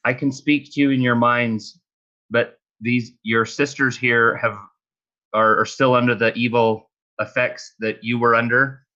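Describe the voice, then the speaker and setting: A man's voice: medium pitch, level tone, a little slow, bright, forceful tone. A man playing a tabletop game, polite, deferential and hesitant. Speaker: player. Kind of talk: tabletop role-play. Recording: dull lo-fi mic.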